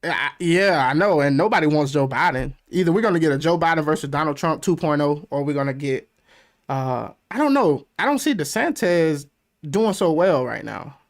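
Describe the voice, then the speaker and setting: A man's voice: a little high, expressive, normal speed. A man hosting a casual podcast conversation, talking loosely with lots of fillers. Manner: loose and chatty, many fillers. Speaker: podcast host.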